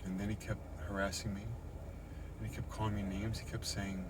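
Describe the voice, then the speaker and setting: A man's voice: lowish voice, flat delivery, a little fast, background noise. Shaken middle-aged man venting in his car. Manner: agitated, repetitive, swearing. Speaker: vlogger recounting an encounter. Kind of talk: agitated first-person account. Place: inside a parked car in a parking lot.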